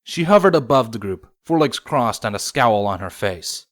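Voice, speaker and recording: A man narrating a fan story aloud in a steady, expressive reading. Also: mid-range voice, normal speed. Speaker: reader, narrator. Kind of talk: fanfiction audiobook reading.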